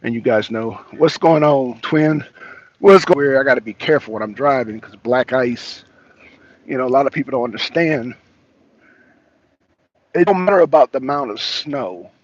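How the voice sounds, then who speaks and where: A man's voice: medium pitch, moderate pace, long pauses, highs cut off. A man hosting a political talk show, chatting casually from home and his car in a loose, rambling, slangy way. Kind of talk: casual solo vlog commentary.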